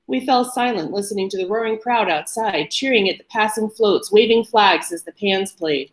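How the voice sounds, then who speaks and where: A woman reading a first-person story aloud to an audience in a calm, measured way. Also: mid-range voice. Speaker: story reader. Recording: roomy echo.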